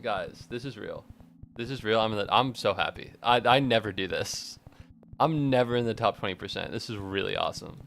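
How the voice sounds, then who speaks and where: A man's voice: fairly low pitch, a little fast, vocal fry, fairly bright tone. A man in his twenties chatting casually to his live-stream viewers while gaming, rambling, joking and swearing with a self-deprecating streak.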